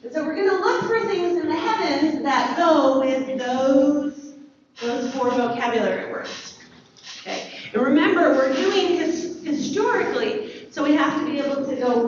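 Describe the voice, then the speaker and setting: A woman teaching a lively classroom lesson, asking the students questions and praising their answers. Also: high voice, a little slow, a little hiss or hum. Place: school classroom. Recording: echoey classroom from far off, dull.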